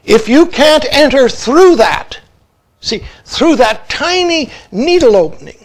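A man giving a reflective Zen dharma talk, often saying "see" and dropping to hushed tones. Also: very high voice, sing-song, takes it slowly. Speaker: Zen teacher.

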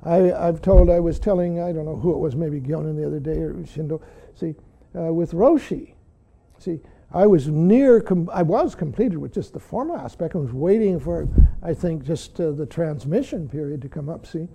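Older man giving a high, mellow Zen talk. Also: normal speed, vocal fry, husky. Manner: earnest, frequently says "see". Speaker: Zen teacher. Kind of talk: dharma talk.

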